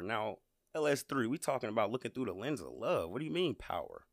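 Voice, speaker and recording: A man's voice: mid-range voice, very animated, a little fast, fairly bright tone, no echo, clean studio sound. A man hosting a podcast, talking in a casual, emphatic motivational monologue and often repeating words as he builds up. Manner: conversational, emphatic, repeats words when worked up. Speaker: podcast host.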